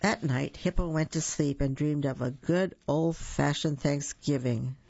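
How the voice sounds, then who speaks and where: A woman reading a picture book aloud, slowly and gently, with small slips and restarts. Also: sits low, gravelly, slightly rough, highs cut off. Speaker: storyteller.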